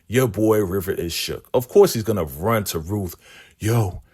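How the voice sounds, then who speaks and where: A man casually recapping a TV episode and quickly putting on the voices of the characters he quotes. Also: on the low side, expressive, darkish tone, breathy edge. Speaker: recap channel host. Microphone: podcast microphone.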